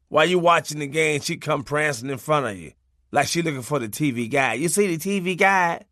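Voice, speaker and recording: A man's voice: a little high, fairly bright tone, no echo, clean studio sound. A man narrating a comic memoir in a loose, profane, conversational way, laughing as he goes. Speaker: audiobook narrator.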